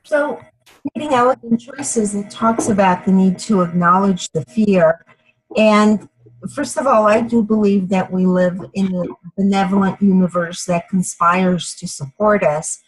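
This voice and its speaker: A woman student sharing in a class discussion, speaking in a measured, methodical way. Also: mid-range voice, slightly rough, rough recording.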